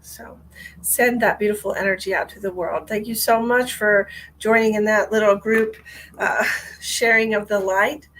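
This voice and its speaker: A woman's voice: mid-range voice, fairly even intonation, normal speed, a bit bright, a little hiss or hum, rough recording. A woman working as a psychic medium, giving a live-streamed reading in a soothing voice and guiding her viewers through a short meditation.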